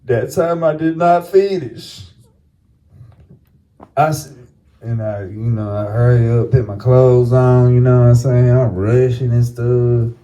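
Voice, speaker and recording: A man's voice: medium pitch, steady tone, unhurried, dark tone, muffled recording. A man co-hosting a podcast, telling a story in profane, casual chat with laughs. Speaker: podcast co-host.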